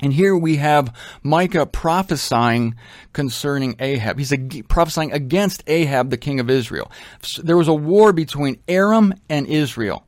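A man's voice: on the high side, animated, moderate pace, no room sound, studio quality. A man teaching from the Bible in a casual, conversational way, with joking asides. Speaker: preacher.

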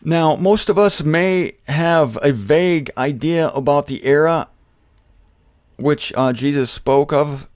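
A man teaching the Bible in an informal, conversational way, shifting between emphatic bursts and quiet asides and speaking straight to his listeners. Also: a little high, slow, no echo, studio quality. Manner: conversational, jokey, addresses listeners directly. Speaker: preacher.

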